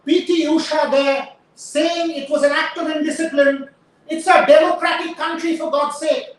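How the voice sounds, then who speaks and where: A woman host giving impassioned live commentary, emphatic and rhetorical, firing pointed questions. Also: sits high. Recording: very echoey, distant mic.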